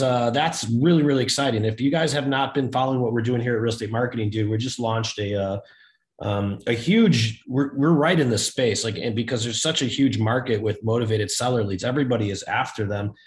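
A man hosting a podcast, talking in a loose, energetic, casual way with slang. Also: medium pitch, echoey room. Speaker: podcast host.

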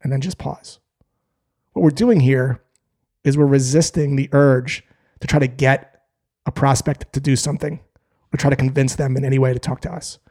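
A man teaching sales in a calm, direct way, acting out short sample calls. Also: mid-range voice, normal speed. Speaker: sales trainer. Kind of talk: instructional talk to camera.

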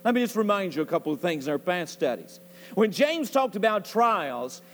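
A man preaching a sermon to his congregation, emphatic and repeating key words for stress, recorded during a church service. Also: high voice. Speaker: pastor. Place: church sanctuary. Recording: church service recording with long hall reverb.

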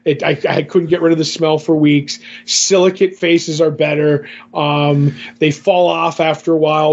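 A man's voice: a little high, flat delivery, normal speed, creaky, few pauses. A man casually retelling a comic book story, rambling with many fillers. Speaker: comic book discussion co-host. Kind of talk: casual chat. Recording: dull lo-fi sound.

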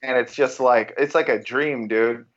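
A man's voice: mid-range voice, fairly even intonation, normal speed, a bit bright, dull audio. A man co-hosting a podcast, chatting casually, brash and swearing, calling everyone dude. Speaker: podcast co-host. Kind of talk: casual chat.

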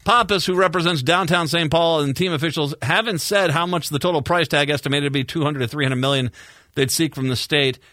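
A man's voice: a little high, steady tone, fairly quick, sharp tone, no room sound, clean studio sound. A male radio talk show host from Minnesota, chatting casually with rambling repeats and sarcastic asides. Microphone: studio microphone.

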